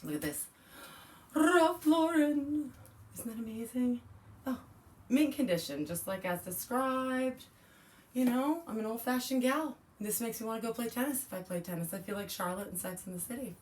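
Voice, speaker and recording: A woman's voice: on the high side, fairly quick, distant mic, a little hiss or hum. A woman in her forties chatting casually while unboxing, gushing and exclaiming often. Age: 40s. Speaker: vlogger.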